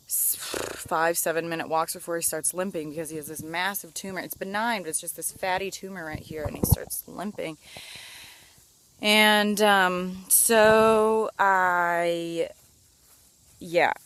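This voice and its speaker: Young woman rambling to camera outside in a park, kinda low voice, lots of ums. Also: fairly bright tone. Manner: rambling, with frequent fillers and restarts. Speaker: vlogger. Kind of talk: casual outdoor vlog talk. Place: outdoors in a park.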